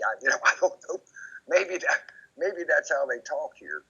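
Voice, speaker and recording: Gravelly, raspy man, lowish voice, bright edge, rambling interview guest on a dull lo-fi track. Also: normal speed. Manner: rambling, repeats himself, quotes others in lively voices. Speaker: interview guest recounting memories. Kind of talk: casual recorded conversation. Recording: dull lo-fi recording.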